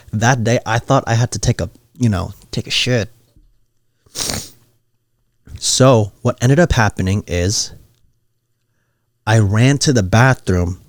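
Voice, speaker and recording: A man's voice: fairly low pitch, darkish tone, no room sound. A young man hosting a solo podcast, telling stories in a rambling, joking, slangy way. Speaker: podcast host.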